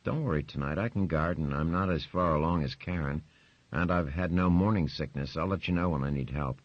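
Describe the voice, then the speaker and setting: A man voicing a composed young woman who speaks calmly and evenly, in a dry, slightly muffled recording. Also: a bass voice, brisk, no room sound. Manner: calm and level.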